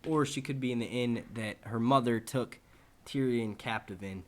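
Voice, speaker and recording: A man's voice: medium pitch, normal speed. A man answering viewer questions on a live stream in a casual, rambling and profane way.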